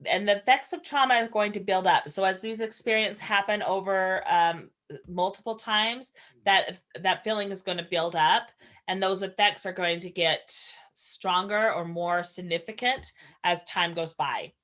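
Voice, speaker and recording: A woman's voice: mid-range voice, moderate pace, a bit bright. A woman giving an earnest, conversational training lecture as a foster parent trainer, explaining ideas and sharing stories from her own home.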